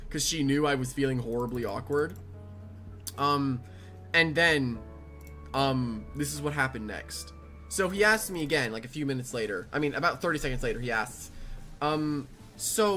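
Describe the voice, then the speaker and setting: Young adult storyteller, rambling and animated, bright tone, soft game music underneath. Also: mid-range voice. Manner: rambling, animated, restarts often. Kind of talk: casual storytime over gameplay.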